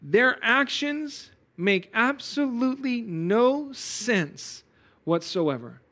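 A man preaching a sermon as pastor, earnest and exhorting, rising to loud emphasis. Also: very high-pitched, big pitch swings, slow.

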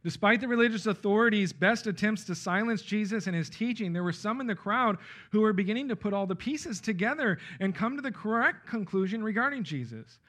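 Emphatic high-voiced male preacher. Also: expressive, fairly quick, a bit bright. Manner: emphatic, checks in with frequent "okay?" and "right?". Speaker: pastor. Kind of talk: expository Bible sermon.

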